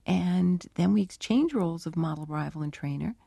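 A middle-aged woman researcher answering interview questions and telling her work stories with lively, acted-out dialogue. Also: on the low side, normal speed, creaky, husky, no echo. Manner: animated storytelling, acts out dialogue. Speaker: animal cognition researcher.

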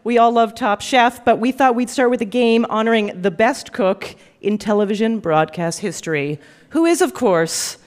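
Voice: mid-range voice, moderate pace, few pauses. A host running a casual, playful interview with guests and laughing often. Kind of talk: casual chat show interview.

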